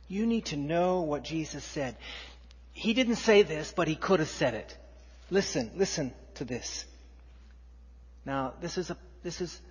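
A man preaching a sermon, reading scripture aloud with rising force and dropping to quiet emphasis. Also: a little high, breathy edge. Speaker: pastor. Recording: dull, muffled sound in a long-reverb hall.

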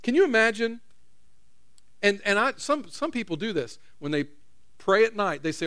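Middle-aged pastor, high voice, chatty sermon style, talks straight to the pews. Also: male voice, animated, brisk, fairly bright tone, smooth. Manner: conversational, repeats phrases, questions the audience. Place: church.

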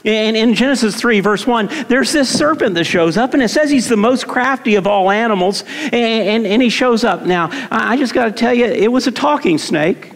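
In a long, reverberant hall, a middle-aged pastor preaches in a conversational style, circling back on words and quizzing the congregation. He has a very high, expressive voice and moves at normal speed with almost no pauses.

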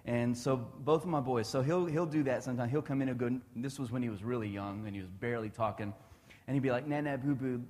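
A man's voice: medium pitch, quick pace, darkish tone, long reverb tail. A man in his thirties giving a casual devotional talk, chatty and laughing often.

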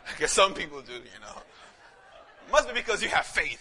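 A male pastor preaching a casual, animated sermon, swinging from shouts to hushed lines and calling listeners man. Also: high-pitched, normal speed. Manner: casual street talk, calls listeners man.

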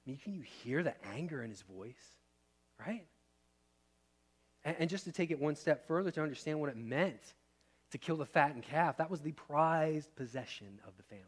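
A man's voice: on the high side, animated, moderate pace, breathy edge. Conversational man preaching a sermon. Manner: conversational, rhetorical questions, shifting loud and soft. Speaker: pastor.

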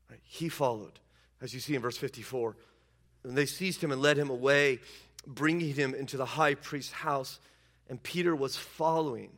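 A man's voice: a little high, fairly bright tone. A male pastor preaching a sermon, retelling scripture scenes emphatically and acting out the quotes.

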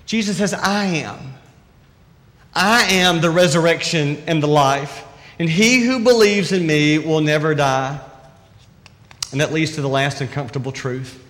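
In an unhurried, slightly bright high voice, a pastor delivers his sermon as though chatting with the congregation, pressing each point with question after question. The church hall's long reverb lingers behind his words.

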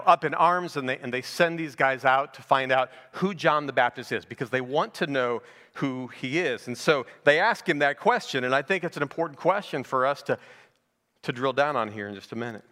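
A man's voice: mid-range voice, sharp tone, big-room sound. A middle-aged male pastor giving a conversational verse-by-verse sermon, asking rhetorical questions as he goes. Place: church sanctuary.

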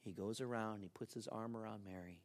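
A man preaching a sermon as pastor, telling a story with lively ups and downs and soft, earnest appeals. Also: fairly low pitch, a little fast.

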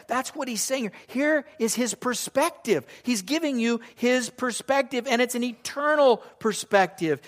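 An older man, a grandfather, preaching a sermon and telling a family story with animated swings from quiet to loud. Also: extremely high pitch, moderate pace, hardly any pauses. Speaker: pastor.

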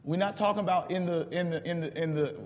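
A man's voice: high-pitched, fast talker, big-room sound. A man co-preaching a dialogue sermon, emphatic and repetitive as he drives home warnings to the congregation.

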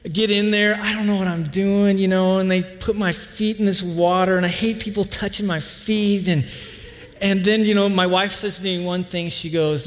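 High-voiced pastor telling a funny story. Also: male voice, steady tone, moderate pace. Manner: chatty storyteller, acts out family voices. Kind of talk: humorous sermon story. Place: church hall with live audience. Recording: long hall reverb.

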